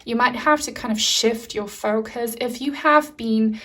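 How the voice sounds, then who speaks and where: A woman's voice: on the high side, a little slow. Earnest woman giving a tarot reading. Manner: gentle, earnest, with soft fillers and frequent restarts. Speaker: tarot reader. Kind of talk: pick-a-card tarot reading.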